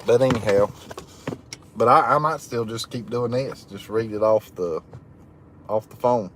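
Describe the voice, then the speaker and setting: A man's voice: mid-range voice, a little slow, fairly bright tone, a little hiss or hum. A man who hosts a livestream, reading out chat and laughing often in a folksy, drawling way. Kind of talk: casual live chat. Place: camping, in a chicken hut.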